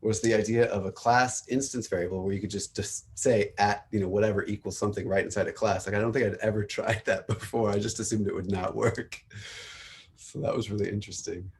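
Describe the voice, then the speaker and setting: Deep-voiced man hosting a casual tech book club. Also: brisk, a little hiss or hum. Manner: relaxed, laughs often, thinks aloud. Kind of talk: casual technical discussion. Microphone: video call.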